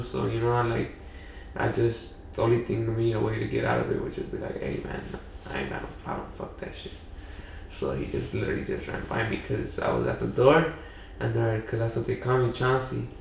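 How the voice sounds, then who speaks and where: Fairly quick and gravelly, this man's medium-pitched, darkish voice keeps fairly even intonation. He's a young podcast guest from Pacoima, Los Angeles, rambling through a casual story heavy on "like" and "you know." The mic is distant in an echoey room, with slight background noise.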